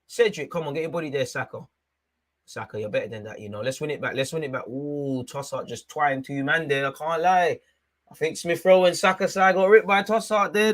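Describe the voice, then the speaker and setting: A young man hosting a live football watchalong. He is excitable, shouts at the referee and drops to low mutters in between. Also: a little fast. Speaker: fan watchalong host.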